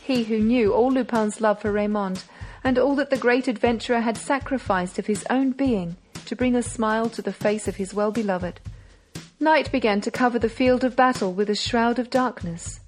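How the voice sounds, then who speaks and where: A woman narrating a classic novel as an audiobook, measured and dramatic. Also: on the high side, faint music behind.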